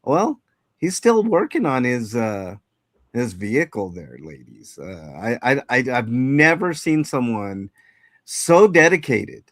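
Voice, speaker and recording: A man hosts a loose, chatty livestream, greeting people in chat and drifting through half-finished thoughts full of fillers. His voice sits at an ordinary middle pitch. The sound is dry and close, with no room echo. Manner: rambling, lots of fillers and restarts. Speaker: livestream host. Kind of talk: casual live chat.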